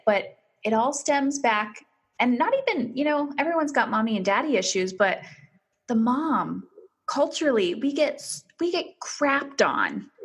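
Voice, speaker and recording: A woman's voice: on the high side, a bit bright. A woman in her thirties, a parenting coach guest on a podcast, talking earnestly and with emphasis in a casual interview.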